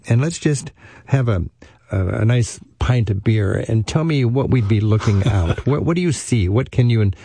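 A man's voice: lowish voice, creaky, mellow, dry recording. A man hosting a travel radio show, chatting with a guest in an enthusiastic, rambling way, with a dry studio sound and faint music. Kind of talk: conversational radio interview.

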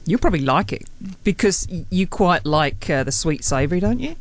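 A radio host leading the studio banter, bossy and mock-exasperated. The voice sits at a middle pitch and keeps the chat going. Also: very animated, a little fast. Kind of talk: casual on-air banter.

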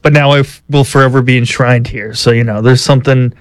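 A man working as a radio show producer, reading quiz questions in a flat, monotone delivery and chuckling often. His voice sits at an ordinary pitch for a man and sounds dry and close on the mic. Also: fast, no echo. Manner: monotone, laughs easily. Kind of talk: casual on-air banter, reading a quiz. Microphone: studio microphone.

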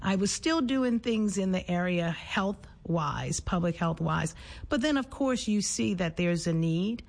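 A middle-aged woman from New Orleans, a nurse and public health administrator, speaking thoughtfully with frequent pauses and fillers in an interview. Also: medium pitch, lively intonation, gravelly. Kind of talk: conversational interview.

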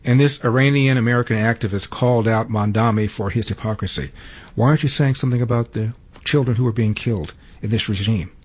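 A man hosting a news show, introducing clips in a brisk, pointed way. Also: mid-range voice, a little mellow, slightly rough. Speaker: show host.

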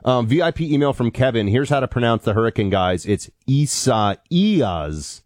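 A man's voice: mid-range voice, fast, no room sound. A man co-hosting a talk radio show, chatting casually and emphatically and reading ads. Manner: animated, emphatic. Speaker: co-host.

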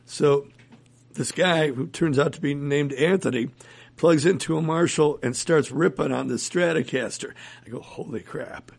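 Gravelly-voiced man telling musician stories. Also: fairly high pitch, moderate pace, a little mellow. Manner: rambling anecdotal, chuckles often. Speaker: musician guest. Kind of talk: casual interview storytelling.

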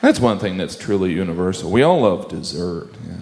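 A man's voice: deep voice, lively intonation, brisk, creaky, darkish tone, slight background noise. A man doing a stand-up comedy routine, exasperated and playfully scolding.

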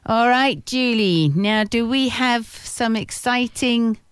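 A woman's voice: on the high side, smooth, no echo, studio quality. A woman hosting a radio show, chatty and enthusiastic, reacting eagerly to her co-host. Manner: enthusiastic, quick reactions and laughs along. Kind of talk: casual radio chat. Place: radio studio.

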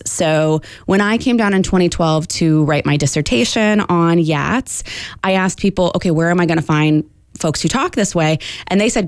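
A woman's voice: fairly low pitch, dry recording, clean studio sound. A woman linguist in her thirties explaining in an interview, articulate and teacherly with some fillers.

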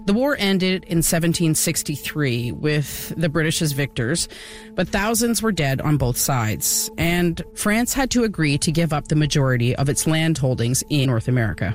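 A woman's voice: sits low, expressive, moderate pace, soft background music. A woman co-hosting a casual history podcast, explaining events with a few fillers. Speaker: podcast co-host.

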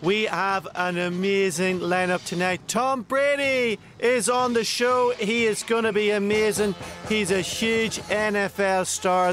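Man as a weepy, high-voiced TV chat host, fighting back tears. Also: close to an everyday voice. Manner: weepy, breaking up mid-sentence. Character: tearful, emotional male TV chat show host.

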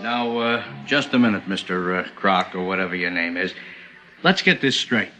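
An actor playing a blunt, skeptical police sergeant in a 1940s radio drama, gruff and sardonic. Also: male voice, sits low, animated, normal speed, over loud music, rough recording.

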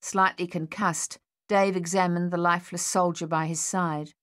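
Narrating from an audiobook script, a woman with a lowish voice keeps her storytelling measured and steady.

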